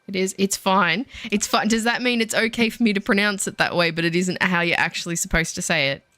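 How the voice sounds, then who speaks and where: A woman's voice: lowish voice, fairly even intonation, quick pace, pushed and bright, no room sound. A woman chatting casually with her viewers while she plays, self-deprecating and easily sidetracked. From Australia. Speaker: game streamer. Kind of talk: casual chat while gaming.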